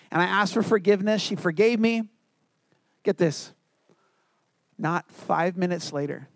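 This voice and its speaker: A man preaching a sermon as a pastor, telling a personal story earnestly and dropping to quiet, low tones for emphasis. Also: dry recording.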